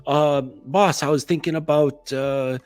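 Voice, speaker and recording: A man's voice: a little high, steady tone, measured pace, darkish tone, no echo, faint music behind, pitched above the performer's own voice, lightly acted. A man imitating a timid employee who hesitantly asks the boss to leave early, in a raised, overly friendly voice. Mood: pleading. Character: timid employee politely asking the boss for time off.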